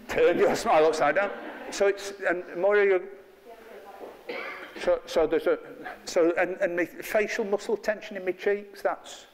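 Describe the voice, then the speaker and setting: In a training room, a middle-aged man runs an interactive workshop for a live group, keeping it chatty and playful with self-mocking humor. He has a high-pitched voice, heard through a long reverb tail.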